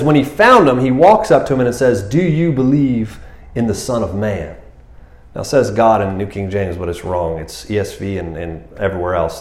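A man giving a casual, animated sermon, talking to the listeners like friends. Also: lowish voice. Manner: animated, casual, keeps saying "man" and "you know". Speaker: preacher. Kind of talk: conversational sermon. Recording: roomy echo.

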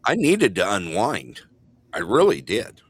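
A man's voice: on the low side, huge pitch swings, unhurried, breathy edge. A man co-hosting a show in rambling, jokey casual chat while camping in remote Alaska. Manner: rambling, jokey, laughs often. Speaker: co-host.

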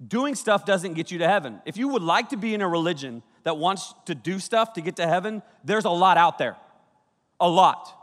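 Animated youth pastor in a big hall. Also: male voice, sits high, moderate pace. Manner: energetic and conversational, with sudden loud bursts. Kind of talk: sermon. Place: large auditorium. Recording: reverberant hall.

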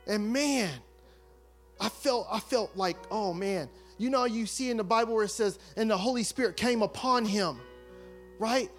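A man giving a fervent testimony sermon, acting out the people in his story and rising to loud, forceful bursts. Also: high-pitched, moderate pace, faint music behind. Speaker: preacher.

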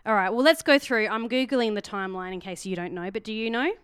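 A woman's voice: medium pitch, quick pace, fairly bright tone, smooth, no room sound, clean studio sound. A young woman co-hosting a podcast in rambling casual chat with laughing asides. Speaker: podcast co-host.

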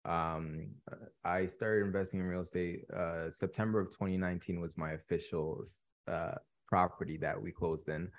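A young man in his twenties from Canada, a guest telling his story in a relaxed interview with many ums. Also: deep voice, moderate pace. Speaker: podcast guest, real estate investor. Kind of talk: casual interview chat.

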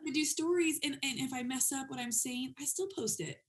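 A woman in her thirties hosting a podcast, talking casually and quickly with many fillers. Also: sits high, slight background noise. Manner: chatty, fast, lots of "like" and "you know". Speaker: podcast host. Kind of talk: casual interview chat.

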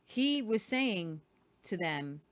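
A woman's voice: mid-range voice, sing-song, slow pace. A woman co-hosting a Christian show, reading scripture aloud with casual commentary. She reads earnestly and sometimes stumbles and repeats words.

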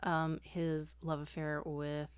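A woman's voice: sits low, monotone, slow. A young woman co-hosting a podcast in casual chat, opinionated and chatty. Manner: opinionated, chatty, trails off softly. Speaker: podcast co-host.

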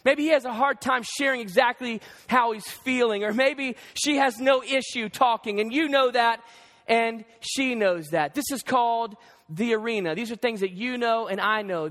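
A male pastor preaching a sermon, animated and conversational, acting out bits of dialogue. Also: moderate pace. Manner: animated, acts out dialogue with shifting pitch. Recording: long hall reverb.

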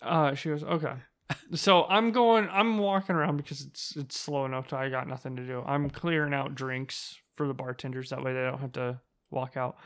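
Bright-voiced rambling man telling a story. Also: fairly high pitch. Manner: rambling storyteller, laughs often, swears casually. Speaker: podcast co-host. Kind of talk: casual chat.

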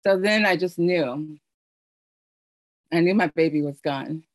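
Lowish-voiced woman telling a personal story, earnest, lots of restarts, dry close sound. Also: no echo. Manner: earnest, halting, many fillers and restarts; emotional storytelling. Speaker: speaker sharing her story. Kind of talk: personal testimony.

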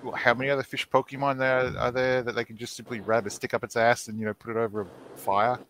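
A man's voice: medium pitch, flat delivery, quick pace, fairly bright tone, a little hiss or hum. A man co-hosting a casual podcast chat, rambling along with plenty of filler words. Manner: rambling, with frequent fillers and restarts. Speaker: podcast co-host.

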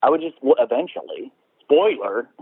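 His voice sits on the high side and swoops wildly, with vocal fry and a slightly rough texture, at a moderate pace. He's a co-host chatting about a film from his rural house, rambling, swearing, and parodying scenes in fake voices. The line is tinny, phone-like, and dry, with no room sound.

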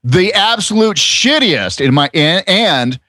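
A man on a podcast panel telling a rambling, profane story in a casual, animated way. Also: high voice, slow, no echo, clean studio sound. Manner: animated, swearing, storytelling with quoted voices.

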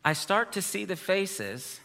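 Bright-voiced preacher man in a hall. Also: high voice, sing-song, takes it slowly, vocal fry. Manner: chatty, self-amused storytelling with laughs. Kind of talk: sermon with personal story. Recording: long reverb of a hall.

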